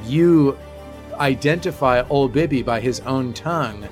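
A man narrates and rules as game master, his voice mid-pitched and easygoing. Rolls and outcomes come out matter-of-fact over faint music. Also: measured pace. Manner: relaxed, matter-of-fact rulings. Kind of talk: running a tabletop game.

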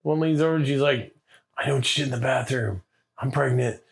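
A man's voice: mid-range voice, a little fast, vocal fry. A man with a Southern US accent cohosting a casual whiskey podcast, teasing and swearing playfully. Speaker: podcast co-host. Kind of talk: casual whiskey-tasting chat.

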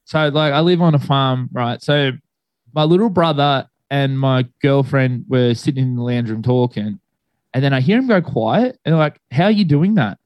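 A man's voice: medium pitch, normal speed, clear, resonant tone, no echo, lo-fi sound. Rambling young man, dry close sound. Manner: rambling, filler-heavy, swears freely. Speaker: guest telling a ghost story. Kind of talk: casual storytelling among friends.

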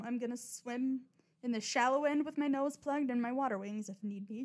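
Blunt, rambling young woman with a bright voice. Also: a little high. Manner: rambling, blunt, frequent swearing and self-mockery. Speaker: podcast host. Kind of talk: casual confessional monologue.

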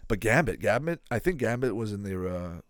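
Male reaction host, lively rising and falling voice, dry close sound, excitable, chats to viewers. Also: lowish voice, no echo. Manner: excitable, thinking aloud, quick reactions; asks the viewers questions. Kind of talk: casual live commentary while watching a video.

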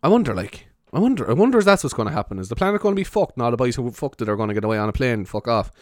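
A man's voice: medium pitch, very animated, rapid-fire, no room sound, studio quality. Rambling young Irish man from Cork. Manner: rambling, swears a lot, laughs often. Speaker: vlogger. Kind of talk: casual rambling vlog chat.

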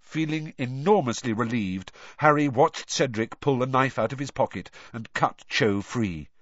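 A man reading a story aloud as narrator, measured and expressive. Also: mid-range voice, no room sound, highs cut off. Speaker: audiobook narrator. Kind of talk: scripted narration.

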